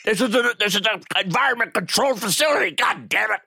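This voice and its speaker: A man voicing a furious middle-aged man who yells and curses about his laboratory in a strained, gravelly shout. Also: high-pitched, lively intonation, fast talker, dry recording, clean studio sound, voice pushed up, heavily acted. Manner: cursing and barking orders.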